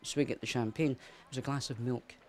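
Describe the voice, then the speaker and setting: A man's voice: mid-range voice, steady tone, brisk. Man telling an anecdote for a documentary. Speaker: interviewee. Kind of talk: documentary interview recollection.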